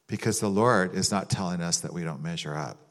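A man with a fairly low voice preaches in a loose, chatty way. He rambles a little and now and then drops into playful mock voices with laughter. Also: fairly quick, fairly bright tone. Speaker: pastor. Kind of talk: sermon with prayer.

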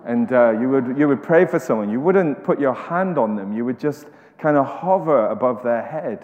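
A man's voice: medium pitch, expressive, moderate pace, hardly any pauses. A man preaching a sermon in a conversational way, often restarting and repeating words. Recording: echoey hall, slightly dull sound.

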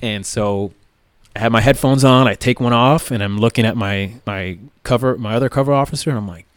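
A male police tactical officer recounts events in a fast, fairly low voice, captured in a dry recording. He's plain-spoken and casual, packing his talk with fillers like "like" and "right?" and swearing now and then.

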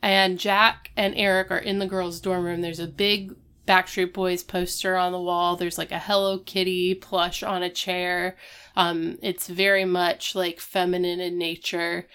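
A woman's voice: fairly low pitch, flat delivery, a bit bright, clean tone. Chatty woman recapping casually. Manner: chatty, quick recaps with playful quoted lines. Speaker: podcast co-host recapping a TV episode. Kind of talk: casual chat.

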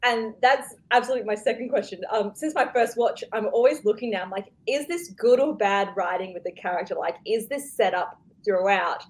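A woman's voice: mid-range voice, a little fast, hardly any pauses. A woman hosting a podcast in casual chat, curious and asking questions. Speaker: podcast host.

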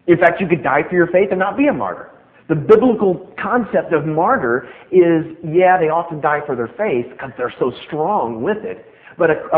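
A middle-aged man preaching a sermon, emphatic and animated, repeating key phrases for stress. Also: on the high side. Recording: tinny phone-like sound.

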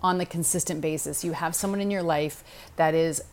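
A middle-aged woman with a slightly low voice gives casual advice. She talks straight to the listener, direct and chatty, and keeps checking in with "okay?" and "right?" along the way. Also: steady tone, brisk, a little mellow. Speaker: podcast host.

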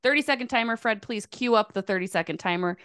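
A woman in her thirties hosting a casual sports podcast, chatty and quick to laugh. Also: medium pitch, a bit bright, clean tone, no room sound, studio quality. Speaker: podcast host and sports writer.

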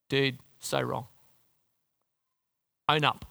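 A man preaching a sermon in a lively, conversational way, often asking the congregation questions. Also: medium pitch, takes it slowly, gravelly, pauses often, dry recording. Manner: lively, conversational, asks the crowd questions, restarts.

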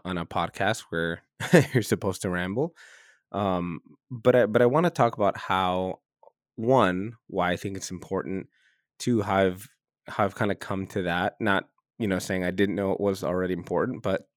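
Low-voiced man rambling on a podcast. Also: no echo, clean studio sound. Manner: loose and chatty, many fillers and restarts, laughs at himself. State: slightly stuffy, clearing his throat. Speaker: podcast host. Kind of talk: casual rambling podcast monologue. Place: windowless hotel room.

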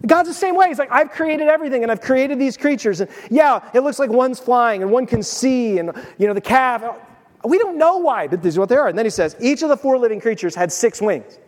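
Excitable midwestern pastor guy preaching, kinda high voice, echoey sanctuary. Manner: animated, excitable preaching with sudden swings in loudness. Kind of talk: sermon. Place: church sanctuary. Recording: long reverb of a church hall.

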